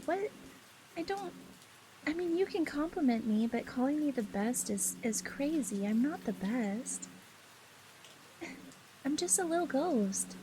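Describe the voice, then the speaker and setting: A woman streamer chatting playfully with her live audience, laughing often and squealing high when flustered. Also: unhurried, pauses often. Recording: steady rain noise in the background. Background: rain.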